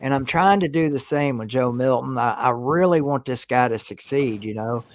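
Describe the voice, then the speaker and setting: A man's voice: mid-range voice, moderate pace. Male co-host, casual sports chat, earnest, hesitant. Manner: earnest, hesitant with repeated starts.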